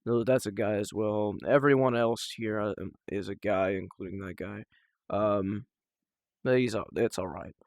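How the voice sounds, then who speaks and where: Low-voiced young man rambling emotionally. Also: fairly even intonation, creaky, darkish tone, no echo, clean studio sound. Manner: rambling, halting, emotional, with sighs and restarts. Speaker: vlogger. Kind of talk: casual personal talk to camera.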